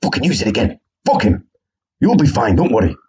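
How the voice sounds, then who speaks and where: A man's voice: mid-range voice, big pitch swings, fairly quick, a little mellow, slightly rough, highs cut off. A man putting on a crude, pushy boxing coach egging his fighter on from the corner.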